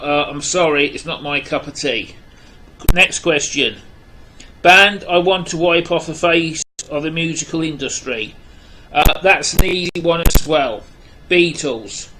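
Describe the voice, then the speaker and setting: An Englishman with an English accent and a fairly high, bright, forceful voice. He talks casually to camera about music, blunt and opinionated, and rambles with lots of fillers and restarts. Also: a little hiss or hum, rough recording. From England. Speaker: music vlogger. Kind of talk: casual video chat to camera.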